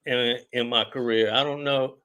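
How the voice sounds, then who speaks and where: A middle-aged man, a rapper guest in a casual interview, talking in a relaxed, rambling way with lots of slang and filler words. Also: medium pitch, normal speed.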